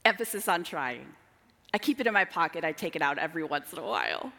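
A woman's voice: low-pitched, lively intonation, fast talker, vocal fry. Woman preaching in a reverberant hall. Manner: dramatic, shifts between emphatic and hushed. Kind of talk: sermon.

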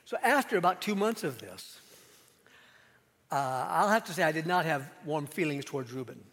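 A male pastor telling a personal story in a sermon, conversational, with pauses and quiet asides. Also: on the high side, sing-song, big-room sound.

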